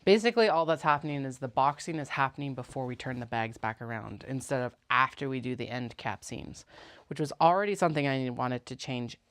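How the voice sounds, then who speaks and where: This sewing vlogger works in her basement and talks casually into a clip-on mic, murmuring to herself and to her cats along the way. Her voice is extremely low with lively intonation, and she speaks a little fast.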